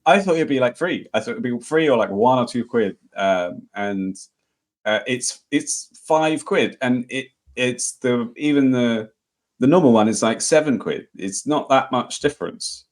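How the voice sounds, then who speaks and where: A British man chatting casually as a podcast co-host. His pitch rises and falls a lot. He delivers sarcasm with a straight face. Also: measured pace. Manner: playful, deadpan sarcasm. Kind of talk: casual chat.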